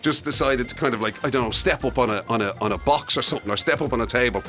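A radio co-host at an average pitch speaks in an easy, conversational way. He agrees quickly, then builds on the joke with dry, wry asides. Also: pushed and bright, soft background music. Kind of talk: casual comedic chat.

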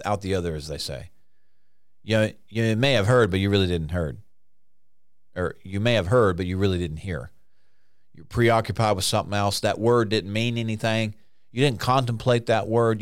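A man preaching a conversational sermon, now and then acting out frantic voices in sudden high bursts. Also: dry recording, clean studio sound.

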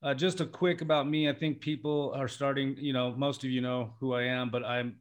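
A man's voice: mid-range voice, little pitch movement, fairly quick. A man from Alaska talking as a podcast guest, hesitant and full of fillers and restarts. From Alaska, United States. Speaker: podcast guest, English teacher. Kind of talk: casual podcast interview. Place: Thailand.

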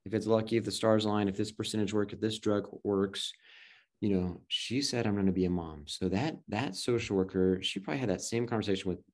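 A man's voice: on the low side, brisk, darkish tone. A man in his thirties telling a personal story in casual chat, rambling with restarts and acted-out quotes. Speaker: guest adoptive father.

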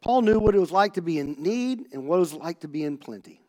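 Animated storytelling preacher, a man. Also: on the high side, fast talker. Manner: storytelling, acts out dialogue, swings from loud animated to hushed. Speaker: pastor. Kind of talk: sermon.

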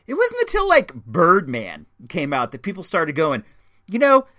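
A man's voice: fairly high pitch, wildly swooping pitch, moderate pace, bright, forceful tone. A man reviewing a movie in a casual, chatty way, rambling with many restarts. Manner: enthusiastic, chatty.

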